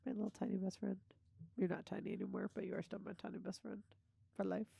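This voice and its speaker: A woman's voice: medium pitch, little pitch movement, fast, gravelly, dark tone, breathy edge, no room sound. A woman hosting a podcast, telling family stories in a casual chat and laughing often. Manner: laughs often, chatty storytelling. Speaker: podcast host.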